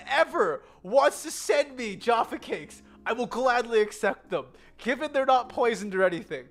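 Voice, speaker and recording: A woman's voice: a little high, moderate pace, hardly any pauses. Bubbly American woman vlogger. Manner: animated, bubbly, giggly storytelling. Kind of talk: casual chatty vlog with slides.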